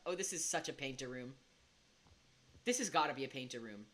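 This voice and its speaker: A woman streaming a game, rambling and giggling, swinging between hushed mutters and excited outbursts. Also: extremely low pitch, a little fast, pauses often, soft background music. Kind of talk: casual gaming commentary. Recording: steady background noise.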